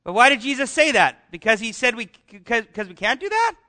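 A man's voice: very high voice, big pitch swings, fairly quick, bright, forceful tone. A man preaching a sermon as pastor, talking conversationally and asking the congregation questions.

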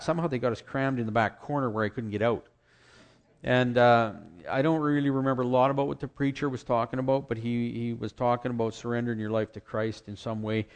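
A man recounts a personal testimony in a plain, conversational manner, mid-pitched and unhurried. He circles back on his words and drops into quoted voices as he goes. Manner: conversational, with restarts and acted quotes.

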